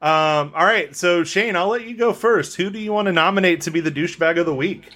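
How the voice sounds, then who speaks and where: Young male podcast co-host, slightly high voice, sarcastic and ranty. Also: fairly quick, bright, forceful tone. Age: young adult. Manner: sarcastic, ranting. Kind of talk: casual podcast chat.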